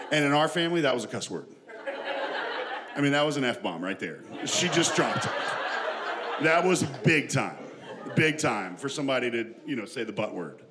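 A man's voice: medium pitch, big pitch swings, moderate pace, long pauses, crowd noise. A man telling a personal family story to an audience in a chatty, self-deprecating way, laughing often as he goes.

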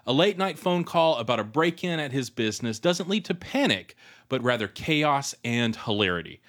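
A man hosting a storytelling radio program, reading scripted links in a measured, polished way. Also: mid-range voice, big pitch swings, fairly bright tone. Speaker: radio show host.

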